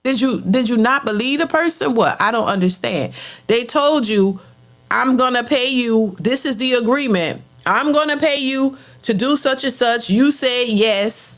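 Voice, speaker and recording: A woman's voice: fairly high pitch, measured pace. A woman hosting a reaction channel, giving a blunt, emphatic casual rant and repeating words as she gets worked up.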